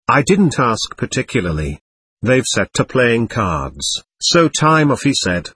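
A man voicing a simple, pious peasant coachman who speaks slowly and deferentially. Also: medium pitch, big pitch swings, slightly rough, dry recording, full character voice. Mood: calm. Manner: slow, deferential, gentle. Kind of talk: audiobook character voice.

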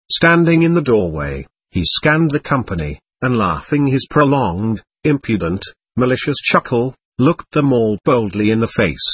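Husky, expressive male audiobook narrator. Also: medium pitch, no echo. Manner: expressive storytelling. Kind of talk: scripted narration.

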